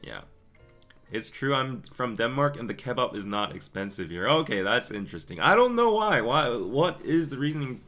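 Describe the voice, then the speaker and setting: A young man hosting a live stream, chatting casually and rambling through stories and viewer comments with quick asides and laughs. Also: mid-range voice, lively intonation, bright, forceful tone, faint music behind. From Korea. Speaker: podcast host reading live chat.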